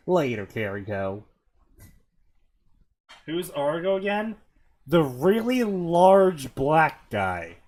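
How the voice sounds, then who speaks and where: A man's voice: fairly high pitch, sing-song, slow pace, pauses often, a little mellow. A man hosting a comedy show, reading fanfiction aloud and breaking off to mock it in disbelief. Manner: incredulous, mocking asides. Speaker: host.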